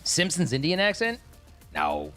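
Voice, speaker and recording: Rambling man with lively pitch. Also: unhurried, faint music behind. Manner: rambling, lots of restarts, swears for emphasis. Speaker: livestreamer. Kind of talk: casual live stream chat.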